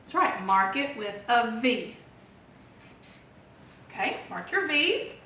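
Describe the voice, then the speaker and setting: A woman's voice: fairly high pitch, very animated, slow pace, bright, forceful tone, far from the mic, slight background noise. A woman teaching a phonics lesson to young children, cheerful and encouraging, asking questions and answering them herself. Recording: very echoey room, voice from off-mic.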